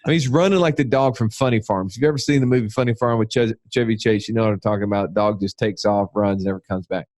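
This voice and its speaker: A man with a Southern US accent co-hosting a podcast, telling jokey, animated stories in casual chat. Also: fairly low pitch, fast, few pauses, dry recording. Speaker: podcast co-host.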